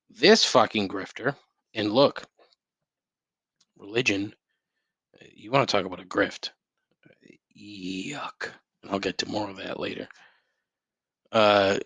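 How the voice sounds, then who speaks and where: Solo podcast host, man, low voice, profane and rambling, rants at home on a dry close mic. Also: normal speed, a bit bright, dry recording. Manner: profane, rambling, with frequent restarts and outbursts.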